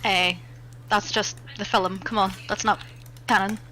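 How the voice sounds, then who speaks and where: A woman's voice: medium pitch, little pitch movement, unhurried, sharp tone, slight background noise, rough recording. A woman with a West Belfast accent teasing friends in a casual chat while they game. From West Belfast, Northern Ireland. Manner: teasing, playful.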